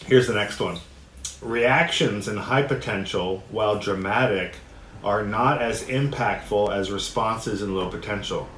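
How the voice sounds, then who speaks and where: A man teaching a discussion workshop, reading passages aloud and explaining them in a relaxed way, often laughing. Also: lowish voice, measured pace. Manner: relaxed, laughs often, acts out quoted voices. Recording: echoey room with faint noise.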